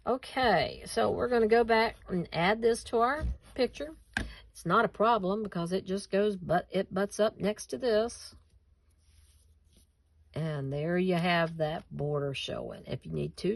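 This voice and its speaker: A woman's voice: mid-range voice, animated, a little slow, gravelly. A woman hosting a casual craft tutorial at home, chatting with viewers and laughing at herself as she cuts and glues.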